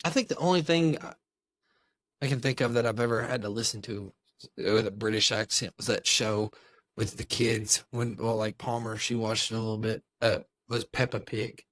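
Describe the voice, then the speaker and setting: A man's voice: on the low side, fairly even intonation, moderate pace, fairly bright tone, dry recording, studio quality. A young man co-hosting a podcast, telling rambling stories with lots of laughs and the odd silly voice. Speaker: podcast co-host. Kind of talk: casual chat.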